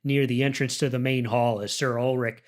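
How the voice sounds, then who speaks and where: A man narrating a tabletop role-playing game as game master, describing scenes in a lively way. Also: mid-range voice, moderate pace.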